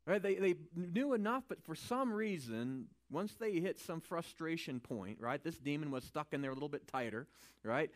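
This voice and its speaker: A man teaching from the Bible in a relaxed, conversational way, his voice sitting a little high for a man. He swings from quiet asides to loud, emphatic lines and keeps checking in with his listeners. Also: normal speed. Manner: informal, checks in with "right?".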